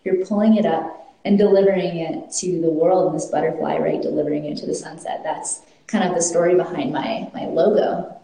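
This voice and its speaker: A woman's voice: sits low, fairly even intonation, fairly quick, warm tone. A woman telling a personal story in an earnest, reflective way, often restarting her sentences. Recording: very echoey room.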